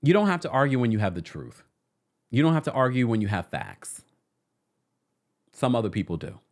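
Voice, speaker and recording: A man's voice: medium pitch, sing-song, fairly quick. A young adult man hosting a casual reality TV recap show, sassy and chatty as he reads viewer comments and gives his takes. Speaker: host.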